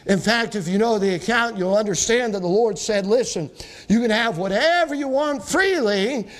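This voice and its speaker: Man, pastor, sermon, high voice, scripture reading, emphatic rising delivery. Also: moderate pace. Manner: preaching with scripture quotes, rising emphatic peaks.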